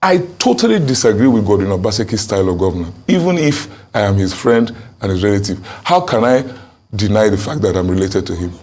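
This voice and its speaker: A man's voice: fairly low pitch, expressive, quick pace, darkish tone. A Nigerian man speaking as a political candidate, answering questions in an emphatic, insistent way. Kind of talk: interview answers.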